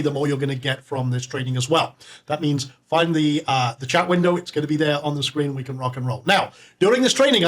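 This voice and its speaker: A man hosting a live online webinar, upbeat and salesy, reading names from the chat and pitching to viewers. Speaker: webinar host.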